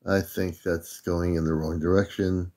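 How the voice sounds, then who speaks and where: Deep-voiced older man greeting viewers. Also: unhurried. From United States. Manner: relaxed, greets viewers by name. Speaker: livestream host. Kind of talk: casual livestream greetings.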